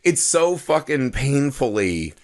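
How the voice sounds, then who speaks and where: A man's voice: mid-range voice, slow. A man co-hosting a casual movie podcast, ranting and swearing as he picks apart a film. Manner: profane, ranting, animated. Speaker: podcast co-host. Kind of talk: casual movie review chat.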